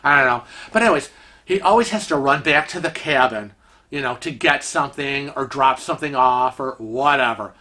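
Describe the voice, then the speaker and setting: A man vlogger telling rambling, animated stories in a casual way, with many fillers. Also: medium pitch, normal speed. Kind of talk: casual storytelling.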